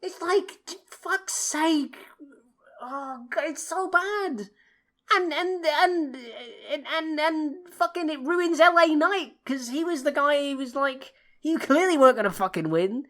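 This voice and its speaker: British woman co-host, sweary exasperated rant, pitch leaping high then dropping low, a touch higher than most. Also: takes it slowly, a bit bright. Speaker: podcast co-host. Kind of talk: ranting casual chat.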